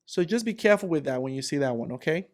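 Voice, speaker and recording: A man in his forties tells office stories as career advice, repeating himself for emphasis. His voice sits a little high for a man, and he keeps slipping into the voices of the coworkers in his stories. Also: expressive, fast talker. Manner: repetitive, acts out characters. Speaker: career vlogger. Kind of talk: animated storytelling advice.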